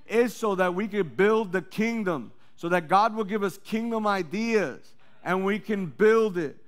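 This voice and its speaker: A high-pitched man preaches to his congregation. He climbs to loud, rallying calls and then drops into quiet, wry asides. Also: unhurried. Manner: energetic preaching that swings between loud calls and low asides. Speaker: pastor. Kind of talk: sermon.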